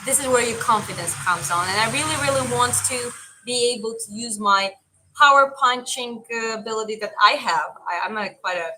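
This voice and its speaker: A woman's voice: a little high, fairly quick, pushed and bright, slight background noise, low-quality recording. A young woman with a mild Eastern European accent, chatting casually as a stream host and answering viewer comments. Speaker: livestream host and boxing coach.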